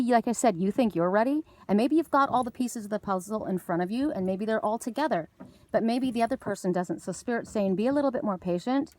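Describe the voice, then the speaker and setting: A woman from Canada giving an oracle card reading outdoors by the water, telling a story in a rambling, animated way with many restarts. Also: medium pitch. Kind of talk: casual spiritual message. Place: outdoors by water with jumping fish.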